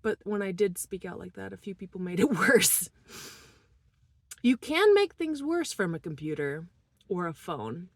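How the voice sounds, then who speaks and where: A distressed woman vlogger talking through a personal monologue in a halting, emotional way, moving between quiet murmurs and shaky laughter. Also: medium pitch, sing-song, no echo.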